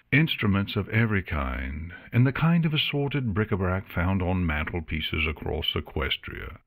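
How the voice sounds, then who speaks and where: A man reading an audiobook, narrating in an expressive storytelling manner. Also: fairly low pitch, gravelly, no echo, studio quality. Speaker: audiobook reader.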